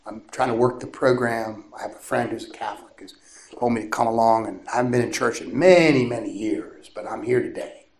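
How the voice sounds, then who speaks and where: A man voicing a remorseful woman confessing in church, speaking haltingly and on the edge of tears. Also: medium pitch, darkish tone, lightly acted. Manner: hesitant, halting, tearful. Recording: echoey room with faint noise.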